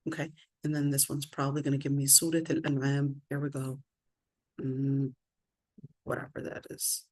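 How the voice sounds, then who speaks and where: A middle-aged woman teaching an online scripture lesson, thinking aloud as she works her screen and slowing down to stress her questions. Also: a bass voice, little pitch movement, a little mellow. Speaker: religious teacher.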